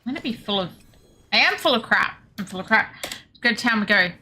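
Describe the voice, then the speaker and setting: A young Australian woman chatting casually with her viewers while streaming a game, self-deprecating and quick to laugh. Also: a little high, expressive, sharp tone, a little hiss or hum. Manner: chatty, self-deprecating, laughs often, reads chat aloud. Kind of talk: casual gaming stream chat.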